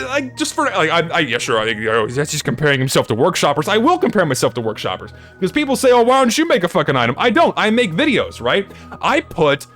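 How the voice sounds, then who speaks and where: Man, high voice, very animated pitch, blunt profane review rant, faint music underneath. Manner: blunt, heavy swearing, emphatic. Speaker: video game reviewer. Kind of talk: ranting review commentary.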